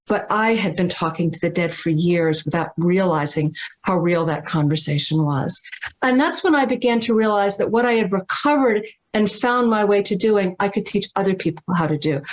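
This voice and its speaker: Dramatic woman telling a personal story. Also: mid-range voice. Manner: dramatic, emphatic, with slowed stresses and repeated words. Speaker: spiritual teacher and guest.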